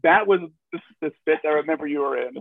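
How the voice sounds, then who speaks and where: A man hosting a casual interview, chatty and reminiscing, quick to laugh. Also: on the high side, vocal fry, dry recording. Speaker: podcast host. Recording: tinny phone-like line.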